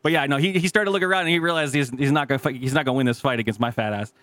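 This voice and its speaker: A man co-hosting a podcast, telling stories in casual chat with lots of swearing and a self-deprecating, animated manner. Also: mid-range voice, racing, no echo. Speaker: podcast co-host.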